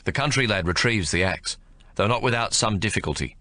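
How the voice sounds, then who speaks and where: Lively, bright-voiced male narrator. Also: a little fast, no room sound. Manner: expressive storytelling with lively pitch. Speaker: audiobook narrator. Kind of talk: scripted narration.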